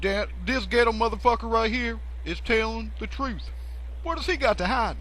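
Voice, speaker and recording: Guy doing a mock-serious tv shrink host, crude questions, high voice. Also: normal speed, fairly bright tone, slight background noise, low-quality recording. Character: mock-serious male talk show psychologist. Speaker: talk show host. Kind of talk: improvised comedy spoof.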